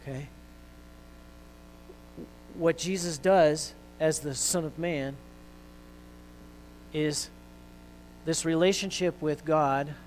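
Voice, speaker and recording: Male pastor, slightly high voice, casual preaching style with ums and restarts, soft mains hum under the mic. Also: slow, long pauses, rough recording. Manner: conversational preaching with fillers, rising intensity when quoting scripture. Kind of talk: sermon.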